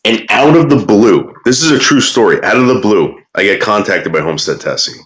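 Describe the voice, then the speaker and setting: Crude ranting man with a lively pitch. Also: a little fast. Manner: crude, bitter, swings between drawling and muttering. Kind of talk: profane casual rant.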